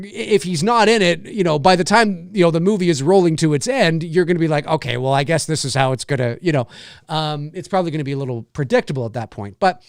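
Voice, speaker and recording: A man hosting his own horror film talk show, talking casually and with animation, and swearing as he acts out excited reactions. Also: fairly high pitch, no room sound, studio quality. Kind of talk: casual solo commentary.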